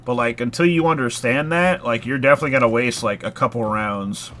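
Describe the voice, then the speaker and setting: A man livestreams a horror game and chats casually, rambling with plenty of filler words and offhand swearing. His medium-pitched voice is fairly bright and brisk.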